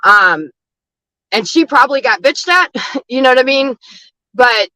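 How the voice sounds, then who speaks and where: Woman, outreach advocate, casual storytelling, blunt, swears often, bright tense tone. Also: sits high, expressive, measured pace, no echo, rough recording. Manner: frank and blunt, with frequent swearing and "you know what I mean".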